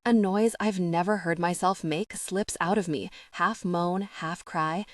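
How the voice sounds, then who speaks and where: A woman reads a first-person romance audiobook in a soft, intimate voice, somewhat low in pitch. The sound is dry and close, with no room around it. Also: steady tone, measured pace, no echo. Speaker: audiobook narrator.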